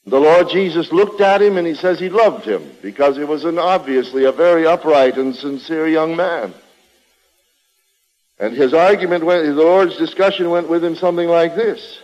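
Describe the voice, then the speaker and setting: A man's voice: on the high side, normal speed, darkish tone. A man preaching a sermon with an emphatic, repetitive cadence. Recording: long reverb of a large hall.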